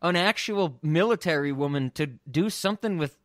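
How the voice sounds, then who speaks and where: A man's voice: on the high side, normal speed, a bit bright, dry recording, clean studio sound. Jokey, laughing male podcast co-host. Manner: jokey, laughs often while talking. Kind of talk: casual podcast chat.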